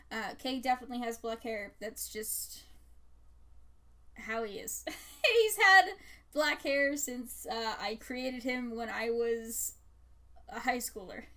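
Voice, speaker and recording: A woman's voice: a little high, fairly bright tone. A young woman artist chatting casually about her characters while she draws, rambling with lots of fillers and frequent giggles. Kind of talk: casual chat.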